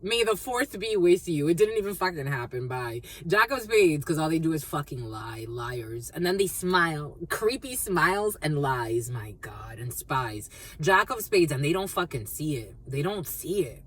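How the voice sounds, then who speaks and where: A woman with a husky, slightly low voice talks through a collective tarot reading. She rambles and free-associates, circling back to the same phrases and dropping casual swear words along the way. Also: very animated, moderate pace. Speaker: tarot card reader.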